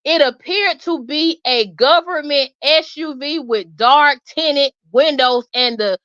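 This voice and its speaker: Woman, high voice, animated gossipy storytelling, dry muffled recording. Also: slow pace, dry recording. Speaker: host. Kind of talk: casual storytelling chat. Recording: dull lo-fi sound.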